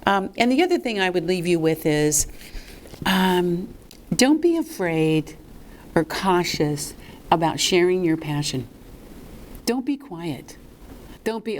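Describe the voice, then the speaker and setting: A woman presenting a fundraising workshop to a live audience in a lively, chatty way. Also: fairly low pitch, unhurried. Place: meeting room with a live audience.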